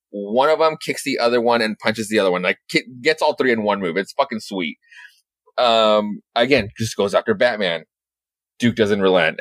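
A man co-hosting a podcast, excitedly recapping a comic in a rambling, casual way with lots of swearing. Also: mid-range voice, no room sound. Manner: excited, rambling, swears a lot, many restarts. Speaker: podcast co-host.

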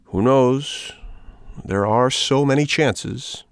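A man voicing an old woodcarver father who lectures patiently and gently. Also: sits low, expressive, normal speed, creaky, no room sound.

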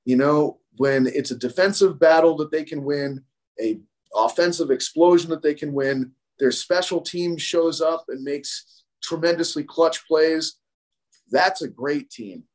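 A man's voice: on the high side, measured pace. A man talking as a strength coach guest on a podcast, explaining his views in a casual, blunt way and repeating phrases for emphasis.

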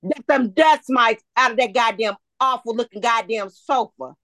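A woman's voice: fairly high pitch, normal speed, a bit bright, no room sound. Woman ranting, heavy profanity. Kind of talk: casual chat.

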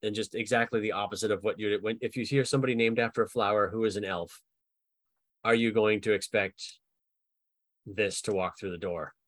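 Low-voiced man, lively podcast chat. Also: no room sound. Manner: animated, laughs often, acts out quick bits of dialogue. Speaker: podcast co-host and dungeon master. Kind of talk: casual podcast chat about building game characters.

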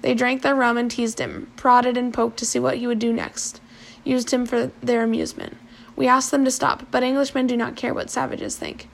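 A woman reading the lines of a stern, bitter old island chief in a grave, measured, slightly hushed voice, her own voice high and a little gravelly. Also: little pitch movement.

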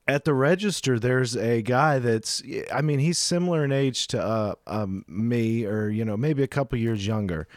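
A man's voice: medium pitch, moderate pace, hardly any pauses, no room sound, clean studio sound. A man co-hosting a casual chat, telling a long anecdote and voicing the people in it. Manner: rambling anecdotes with acted-out quotes.

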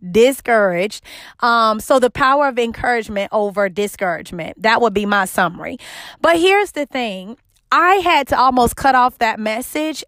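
A woman's voice: fairly high pitch, a bit bright, dry recording. A woman hosting a devotional podcast, preaching with exuberant, emphatic repetition and speaking straight to her listeners. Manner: exuberant, emphatic, repeats herself for effect; talks directly to listeners as y'all. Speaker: podcast host and ministry co-founder.

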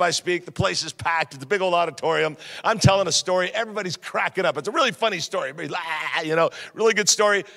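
A high-pitched man with a gravelly, bright edge preaches a sermon full of humorous stories. He talks straight to the congregation with lively back-and-forth. His voice carries the long reverb of a large church auditorium. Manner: animated, jokey, talks straight to the crowd. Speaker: pastor.

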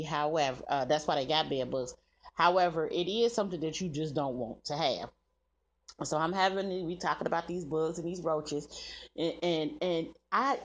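A woman in her thirties talking casually to her viewers, chatty and quick to laugh. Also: lowish voice. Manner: chatty, addresses viewers as "y'all", laughs through her words. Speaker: vlogger.

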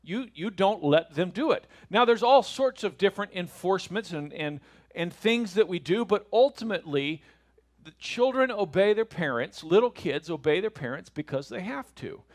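A middle-aged man teaches a Bible lesson. He is conversational and often asks rhetorical questions. His voice sits a little high for a man. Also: lively intonation, normal speed.

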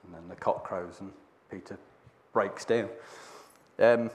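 A man's voice: low voice, fairly even intonation, unhurried. A man telling a Bible story in casual talk, rambling with many restarts. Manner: rambling with many restarts, acting out voices in quotes. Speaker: speaker sharing a Bible reflection.

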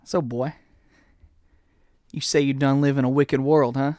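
A man voicing a swaggering cowboy wrestler in low, drawling, threatening trash talk. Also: fairly even intonation, measured pace, darkish tone, no room sound, studio quality, close to an everyday voice. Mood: taunting. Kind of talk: wrestling promo.

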